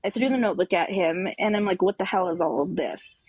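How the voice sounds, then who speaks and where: A woman's voice: fairly low pitch, a little fast, a little mellow, breathy edge, no echo, rough recording. A woman caller on a live talk show telling a personal story emphatically, acting out the quoted dialogue. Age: adult with children.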